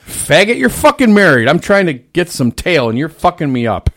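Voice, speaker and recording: A man in casual conversation, swearing freely and telling stories about his fast food job, mimicking the voices of the people in them. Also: fairly high pitch, big pitch swings, fairly bright tone. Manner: profane storyteller, mimics people in shifting voices. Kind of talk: casual chat.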